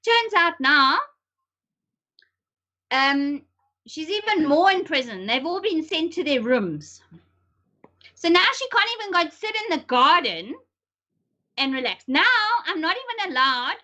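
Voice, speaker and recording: A middle-aged woman talks emphatically in a casual podcast chat. Her voice is bright and a little high, and she pushes her points hard. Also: measured pace, long pauses, highs cut off. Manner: emphatic, animated, sometimes laughing nervously. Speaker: podcast co-host.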